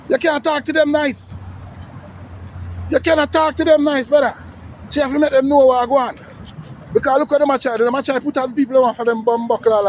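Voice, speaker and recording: A man's voice: very high voice, a little hiss or hum, low-quality recording. A Jamaican man with a heavy Patois accent, ranting angrily to his followers, cursing often and repeating his points. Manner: heated, cursing, repetitive, preaching to listeners. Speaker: social media commentator. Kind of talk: angry rant.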